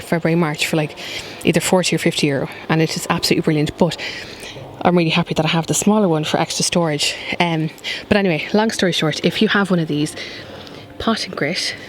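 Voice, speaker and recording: A woman talks to camera from her back garden in a relaxed, wandering way. Her voice sits low, and she fills her chat with "like" and "um". Faint outdoor noise hums behind her. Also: rough recording. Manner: chatty, rambling, with many fillers. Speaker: gardening vlogger.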